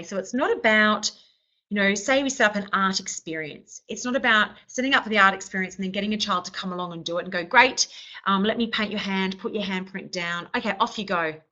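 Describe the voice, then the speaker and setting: A woman lecturing as a trainer, her voice bright and forward. She explains step by step and keeps checking in with her listeners. The recording sounds dull and lo-fi. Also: mid-range voice. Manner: explanatory, often checks in with "okay". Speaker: early childhood trainer. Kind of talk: instructional lecture.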